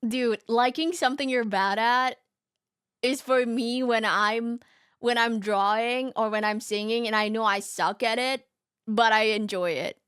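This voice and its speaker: Woman, high voice, giggly, animated, casual reaction streaming, dry close sound. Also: unhurried, clear, resonant tone, dry recording. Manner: giggly and animated, often breaks into laughter. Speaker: VTuber streamer. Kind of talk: casual reaction stream, reading a story aloud.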